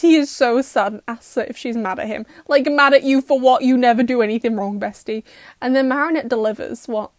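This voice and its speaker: A woman's voice: on the high side, a little fast, no room sound, studio quality. Sarcastic young woman. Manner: sarcastic, exasperated roasting with mock quotes. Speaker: YouTuber reacting to a cartoon. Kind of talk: comedic episode recap.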